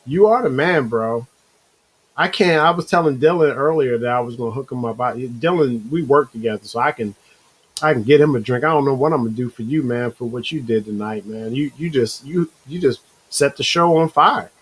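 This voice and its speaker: Male live-stream host, mid-pitched, husky voice, casual rambling chat with viewers. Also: brisk, poor audio. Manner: loose and rambling, calls viewers bro, reads chat comments aloud.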